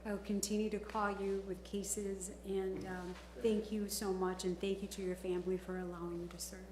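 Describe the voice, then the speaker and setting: A woman's voice: mid-range voice, little pitch movement, normal speed, darkish tone. A woman from Chicago, a village trustee, speaking chattily at a board meeting and often breaking into laughter. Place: council chamber. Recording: roomy chamber audio, faint noise.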